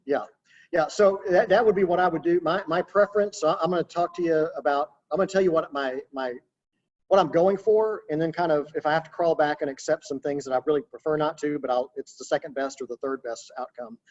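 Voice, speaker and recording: Casual real estate trainer on a webinar. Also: male voice, on the high side, a little fast, darkish tone, muffled recording. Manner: casual, conversational, practical coaching. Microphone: video call.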